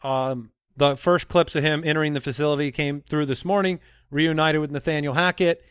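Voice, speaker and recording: Higher-voiced man hosting a podcast. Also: steady tone, a bit bright, smooth, no echo, studio quality. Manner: leads the segment, reads names in a quick quiz. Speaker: podcast host. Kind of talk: casual sports podcast chat.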